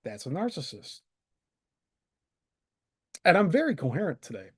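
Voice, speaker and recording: A man in his thirties rants alone to his camera, heated and sarcastic, cursing as he goes. His voice sits fairly high and leaps all over the place as he works himself up. He speaks into a desk microphone. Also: normal speed, slightly rough. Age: 30s. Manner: heated, sarcastic, profane, very animated. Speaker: channel host. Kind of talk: angry solo rant to camera.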